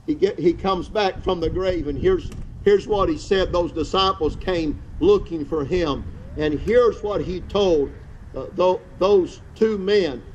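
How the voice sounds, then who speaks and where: A man's voice: fairly high pitch, darkish tone, muffled recording, slight background noise. A male pastor preaching outdoors with fervor, repeating phrases and restarting words as he goes. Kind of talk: outdoor sermon. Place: outdoor church service.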